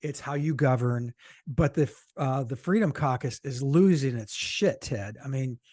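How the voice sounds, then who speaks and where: A middle-aged man from the United States co-hosting a political podcast, animated and quick to laugh, with blunt, salty asides. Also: medium pitch, dry recording, clean studio sound. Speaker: podcast co-host, political cartoonist. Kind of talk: casual political chat.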